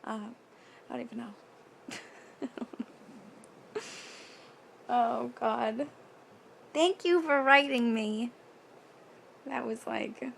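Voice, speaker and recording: A young woman from New York talking candidly in a casual vlog, rambling with quick nervous asides and casual swearing. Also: a little high, creaky, a little mellow. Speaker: vlogger. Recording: faint background noise.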